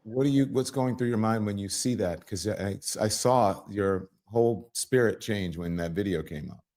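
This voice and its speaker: A man hosting an interview, asking probing questions gently, often restarting his sentences. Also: lowish voice, moderate pace. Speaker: interview host.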